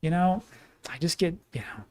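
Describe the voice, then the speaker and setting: A man's voice: fairly high pitch, expressive, normal speed, no room sound. A man giving casual, enthusiastic cryptocurrency commentary and talking straight to his viewers. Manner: chatty, enthusiastic, talks to viewers directly. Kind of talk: casual market commentary to camera.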